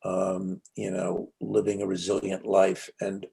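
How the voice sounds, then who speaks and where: A man's voice: low-pitched, completely flat delivery, measured pace, vocal fry, mellow. A man being interviewed, telling reflective stories in a conversational way with frequent restarts. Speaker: interview guest, psychologist and author.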